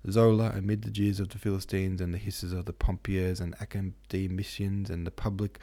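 A man's voice: low-pitched, little pitch movement, a little fast, warm tone. A man voicing a hot-tempered young male painter who argues vehemently. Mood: heated. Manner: vehement, declaiming.

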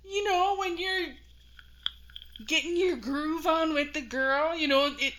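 A woman's voice: high voice, fairly even intonation, slow pace, a bit bright, a little hiss or hum. A woman co-hosting a podcast in casual chat, blunt, crude and teasing. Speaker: podcast co-host.

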